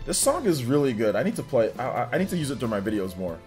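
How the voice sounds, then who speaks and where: Speaking rapid-fire with big pitch swings, this livestream host has a mid-range, slightly mellow voice. He reads his chat aloud, responds straight to viewers, and laughs a lot in a chatty way while game music plays faintly behind him.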